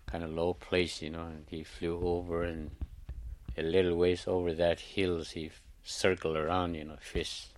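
A man telling a traditional animal tale in plain, simple phrasing. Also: deep voice. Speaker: storyteller. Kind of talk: traditional oral storytelling.

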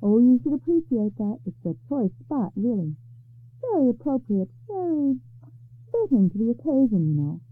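A woman's voice: on the high side, big pitch swings, normal speed, breathy edge. Woman doing a gloating, fussy Death. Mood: smug. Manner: smug, chatty, theatrical. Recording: narrow phone-like radio sound.

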